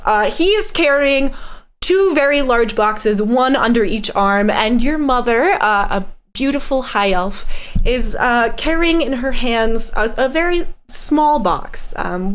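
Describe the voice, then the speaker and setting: A woman narrating a tabletop game as game master in a measured, descriptive way. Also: a little high.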